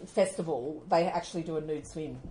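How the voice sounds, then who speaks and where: An Australian woman co-hosting a podcast, telling stories in a casual, animated way and often laughing as she talks. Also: low-pitched, fairly quick, slight background noise. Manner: animated storytelling, often laughing mid-sentence. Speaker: podcast co-host.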